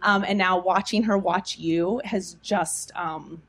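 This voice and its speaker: A woman's voice: lowish voice, steady tone, slow, a bit bright. Earnest, grateful woman. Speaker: audience member. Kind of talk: heartfelt thanks at a live Q&A.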